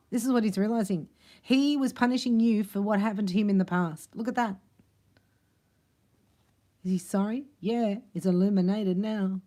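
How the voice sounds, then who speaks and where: A woman's voice: mid-range voice, moderate pace, long pauses, dark tone. A woman doing a casual tarot reading, chatty and rambling, with frequent laughs between her thoughts. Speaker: tarot reader.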